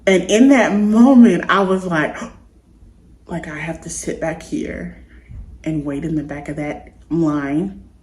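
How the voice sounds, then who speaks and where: A woman vlogger with a fairly low voice tells a personal story straight to the camera. She talks in an earnest, confiding, meandering way. The sound bounces around an echoey room. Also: slow pace, darkish tone.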